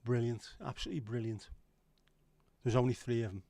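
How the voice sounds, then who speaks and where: A man's voice: mid-range voice, flat delivery, fairly quick, dark tone. A middle-aged man hosting a casual livestream, rambling, swearing now and then and answering chat comments. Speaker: livestream host.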